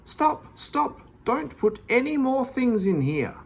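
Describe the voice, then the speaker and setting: Reader putting on a fussy little man, storybook, high and shouty, gravelly edge, swooping pitch. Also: big pitch swings, a little slow, a little hiss or hum. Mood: furious. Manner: shouting, indignant, squeaky. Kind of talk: storybook read-aloud.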